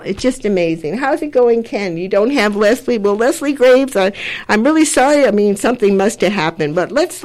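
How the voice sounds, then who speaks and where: Older woman, community radio host, earnest, rambling, repeats herself. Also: medium pitch. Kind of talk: community radio talk show.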